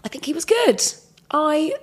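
A woman's voice: high-pitched, sing-song, a little slow. Chatty, giggly woman co-hosting. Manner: chatty, giggly, self-interrupting. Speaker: podcast co-host. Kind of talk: casual chat.

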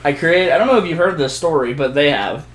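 A young man with a slightly high voice tells a story among friends. He jumps into quoted voices and laughs a lot as he talks. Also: fairly quick, roomy sound. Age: young adult. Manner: animated, laughing, swearing, acting out quotes. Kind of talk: casual storytelling chat.

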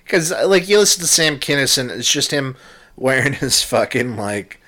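A man's voice: mid-range voice, big pitch swings, normal speed, sharp tone. A man co-hosting a podcast in loose, profane casual chat, laughing often. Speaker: podcast co-host.

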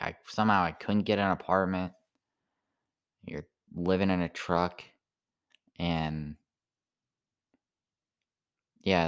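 Sleepy guy with a real low voice just rambling on, stops and starts a lot. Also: clean tone. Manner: rambling, halting, heavy on "like" fillers. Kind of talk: rambling stand-up style monologue.

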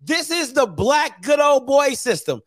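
A man with a strikingly high voice hosts his own sports talk show, talking in a casual, slang-heavy rant. He hammers points home by repeating phrases. The recording is dry and close, with no room sound. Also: sing-song, unhurried, dry recording.

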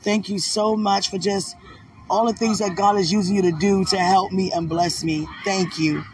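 A woman's voice: medium pitch, steady tone, normal speed, a little mellow, recorded from a distance. A woman recording a casual, heartfelt video message of thanks, emotional and devout, rambling with many fillers. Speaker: fiancée giving thanks.

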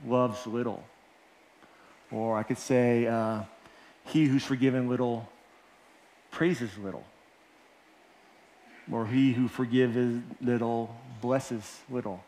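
A male pastor gives a sermon, earnest and conversational, often repeating himself. His voice sits at an ordinary middle pitch for a man. The room around him is roomy and echoing. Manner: earnest preaching with repetitions and restarts.

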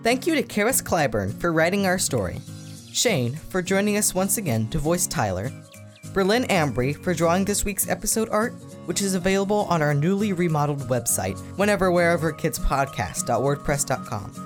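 A woman's voice: on the low side, sing-song, normal speed. Woman reading credits over music. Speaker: podcast host reading credits. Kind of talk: closing credits. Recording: music playing underneath.

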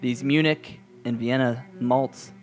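A man co-host reads a short scripted beer promo with faint music playing underneath. His delivery is measured and easy, and his pitch sits at a middle level. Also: steady tone. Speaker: podcast co-host. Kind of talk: reading a beer promo, then joking.

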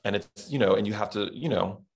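A middle-aged Southern man chats as a podcast guest, thinking aloud and circling back on his words. His voice sits very low and carries a gravelly rasp. He talks in a casual, reflective way. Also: fairly quick. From Texas, USA. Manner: reflective, rambling with many restarts and fillers. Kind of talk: casual interview chat.

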